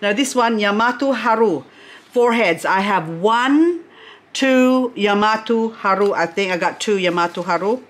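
A middle-aged woman hosts a casual unboxing vlog at a comfortable mid pitch. She chats freely, gushes over the plants in front of her, and drifts into little asides between her exclamations. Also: measured pace. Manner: gushing, exclaims over beauty, chatty asides. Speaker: succulent grower unboxing plants.

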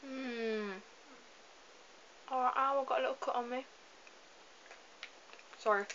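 Chatty bright-voiced woman gaming. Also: high voice, fairly even intonation, slow. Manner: chatty, rambling, apologetic asides. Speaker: gameplay commentator. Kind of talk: casual let's-play commentary. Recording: slightly dull lo-fi home mic with faint hiss.

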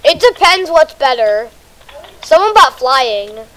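A young female gamer chatting casually while playing, excitable and a bit bossy, slightly sick. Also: sits high, takes it slowly, rough recording. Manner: excited, bossy about the game. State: a little sick. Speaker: gamer host. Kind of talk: casual game chat.

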